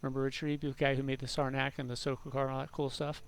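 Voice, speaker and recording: Rambling gravelly-voiced man playing a game. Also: medium pitch, flat delivery, fast talker. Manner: rambling, self-mocking, swears at the game. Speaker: game streamer. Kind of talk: rambling gameplay commentary.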